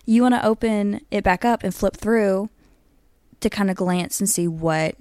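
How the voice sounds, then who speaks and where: A woman's voice: mid-range voice, unhurried, darkish tone, dry recording, clean studio sound. A young woman co-hosting a casual podcast, chatty and upbeat, often breaking into laughter. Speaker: podcast co-host. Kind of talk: casual chat.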